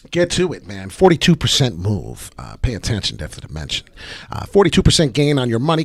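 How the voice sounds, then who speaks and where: A man hosting a live crypto trading stream, brash and profane, talking fast with lots of filler ums. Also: mid-range voice, no room sound. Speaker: crypto trading livestream host. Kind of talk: live market commentary.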